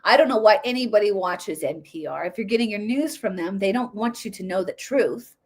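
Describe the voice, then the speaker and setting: A woman hosting a political commentary show, ranting in an animated, sarcastic way. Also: medium pitch, fairly quick. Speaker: host.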